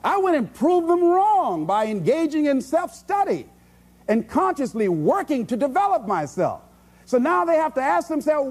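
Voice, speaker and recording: Man, motivational speaker, high voice, swoops up and down, emphatic, repeats for effect. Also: sing-song, normal speed. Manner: emphatic, preacherly repetition. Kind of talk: motivational speech.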